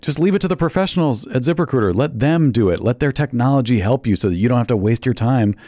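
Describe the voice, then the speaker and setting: A man's voice: mid-range voice, lively intonation, fast talker, a little mellow, no room sound, studio quality. A man co-hosting a podcast in casual chat, agreeable and easily amused. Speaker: podcast co-host.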